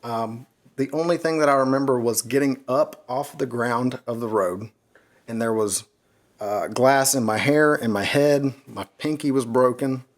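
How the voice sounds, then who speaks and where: A man on a casual podcast telling a wild personal story, animated and swearing freely, laughing at his own misfortune. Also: mid-range voice, measured pace. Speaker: podcast co-host.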